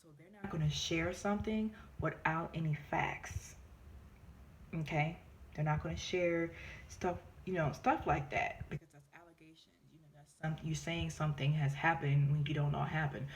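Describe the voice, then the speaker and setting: A woman vlogs casually, telling her story with animated flair. Her voice sits low, and she often jumps up high to mimic others or drops to a near-whisper for asides. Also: normal speed, slight background noise. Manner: animated, acts out quoted voices in high pitch. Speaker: vlogger.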